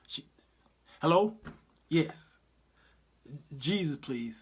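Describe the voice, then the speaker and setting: A man hosting a livestream commentary, who talks in an animated, preachy, folksy way. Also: fairly high pitch, moderate pace. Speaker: host and Bible teacher.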